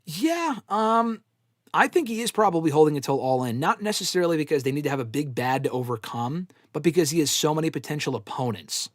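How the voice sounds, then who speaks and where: A man's voice: fairly high pitch, lively intonation, a little fast, dry recording, studio quality. A man hosting a live fan Q&A, talking bluntly with plenty of swearing and rambling opinions. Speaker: host answering fan questions. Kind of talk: live casual Q&A stream.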